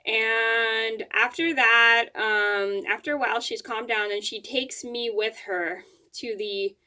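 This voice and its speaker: A woman's voice: fairly high pitch, steady tone, takes it slowly, sharp tone. A woman vlogger telling a personal story to camera at home, rambling, with frequent restarts and fillers.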